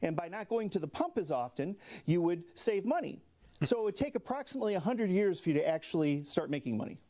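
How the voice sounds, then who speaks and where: A man's voice: high-pitched, sing-song, fast, mellow. A man with a Midwestern American accent hosting a local comedy talk show, telling topical jokes in a monologue and chuckling at his own lines. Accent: Upper Midwest American. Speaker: late-night comedy host.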